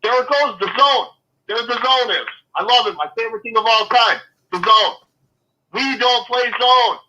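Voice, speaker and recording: A man's voice: very high-pitched, expressive, moderate pace, sharp tone, highs cut off. A man talking football as a guest, ranting in a fired-up way, swearing and then apologizing. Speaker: guest fan. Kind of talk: casual sports chat.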